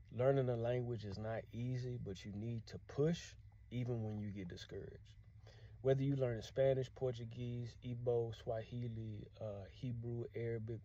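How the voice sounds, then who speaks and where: A man's voice: medium pitch, warm tone, dull audio. A man telling a story to camera in a casual, earnest, encouraging way. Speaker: vlogger.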